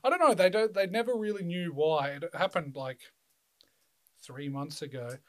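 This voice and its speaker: A man's voice: on the high side, normal speed. Swearing young man telling stories. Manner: loose, swearing storyteller who laughs often. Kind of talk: casual chat.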